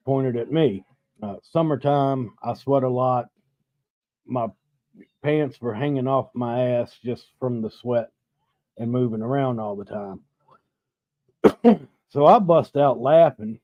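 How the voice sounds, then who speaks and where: A man's voice: medium pitch, a little slow, long pauses, no room sound. A middle-aged man hosting a live stream, telling a story in a laid-back, rambling, profane way while having drinks. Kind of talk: casual storytelling chat over drinks. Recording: dull, dry lo-fi sound.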